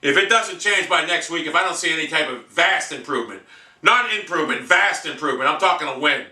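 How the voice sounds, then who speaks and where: A man's voice: on the high side, lively intonation, quick pace, bright, forceful tone, distant mic. A man ranting angrily and profanely as a sports fan, venting at length in a room at home. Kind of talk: angry fan rant. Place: room in a house. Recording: echoey room, off-mic.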